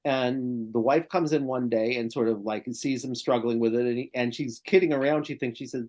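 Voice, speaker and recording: A man's voice: mid-range voice, fairly even intonation, normal speed, few pauses, a little mellow. An older male therapist telling a client story in conversation, often checking in with "right?" and "okay?".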